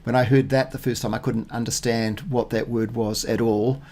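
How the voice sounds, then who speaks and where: A man working through his Spanish practice notes out loud, thinking aloud with many fillers and restarts, and reading phrases slowly and deliberately. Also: medium pitch, level tone. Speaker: Spanish learner. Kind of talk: casual self-recorded practice talk.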